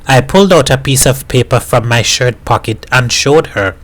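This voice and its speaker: A man from Jamaica reading a novel aloud in a steady storytelling voice. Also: mid-range voice, normal speed, low-quality recording. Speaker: reader.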